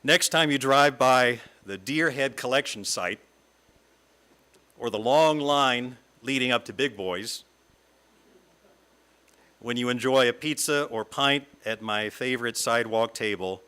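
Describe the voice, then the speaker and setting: A middle-aged man from the American South, a guest speaker giving a reflective talk read from a script in a lyrical, measured way. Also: medium pitch, pushed and bright, clear, resonant tone. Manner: lyrical, measured reading with long lists. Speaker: guest speaker at a fellowship service.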